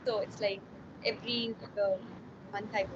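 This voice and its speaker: A young woman student from Punjab answering her teacher on a video call, speaking softly and haltingly. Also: medium pitch, little pitch movement. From Punjab, India. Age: young adult. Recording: muffled video call with clear background noise.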